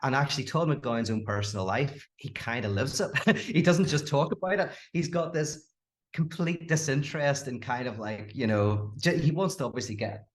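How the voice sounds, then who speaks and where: On a casual podcast, a man with a mid-range voice speaks as a philosopher guest at a normal speed. He is animated, laughs a lot, and keeps starting his sentences over.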